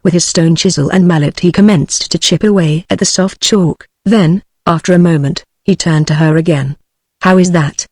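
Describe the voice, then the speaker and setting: A text-to-speech British woman's voice giving scripted audiobook narration with even, synthetic delivery. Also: on the low side, moderate pace, hardly any pauses, breathy edge, no echo. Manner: evenly read synthetic delivery. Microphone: studio-clean synthetic audio.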